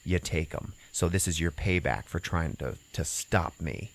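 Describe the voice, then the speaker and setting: A man's voice: a bass voice, normal speed. A man voicing a gloating male mercenary security boss in a casual movie retelling, with a smug, lecturing manner.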